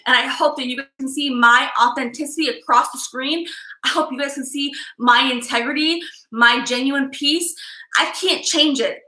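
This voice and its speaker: A woman from Chicago hosting a live psychic stream, talking fast with intense energy. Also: high-pitched, bright, forceful tone, roomy sound, rough recording. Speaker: psychic livestream host. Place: live-stream setup, indoors.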